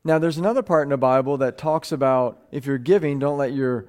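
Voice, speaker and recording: A man's voice: medium pitch, fairly quick, darkish tone. A man preaching a live sermon to a gathering, earnest, often stumbling over words and restarting phrases, his voice rising and speeding up when he stresses a point.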